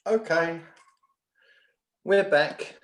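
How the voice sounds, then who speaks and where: A man's voice: fairly high pitch, extremely slow, roomy sound. A man working as a spiritual medium, giving readings from home and often checking in with his sitter.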